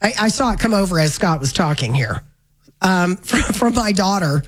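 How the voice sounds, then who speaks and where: A woman hosting a talk radio show, chatting briskly and correcting herself mid-sentence. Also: on the low side, animated, poor audio. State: hiccups. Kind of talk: casual talk radio chat.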